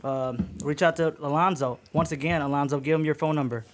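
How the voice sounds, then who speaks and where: A man's voice: a little high, steady tone, a little fast. Joking man co-hosting radio. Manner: joking, teasing. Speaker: radio co-host. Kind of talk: casual radio chat.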